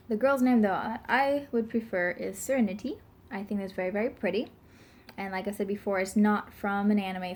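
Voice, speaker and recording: A pregnant vlogger in her twenties chats casually to the camera, rambling with plenty of fillers and giggles and burping now and then. Her voice is medium-pitched and a little mellow.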